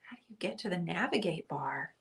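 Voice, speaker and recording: A woman's voice: on the low side, lively intonation, a little fast, gravelly, fairly bright tone. A woman hosting a casual livestream, chatty and teasing as she reads viewer comments aloud. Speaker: livestream host.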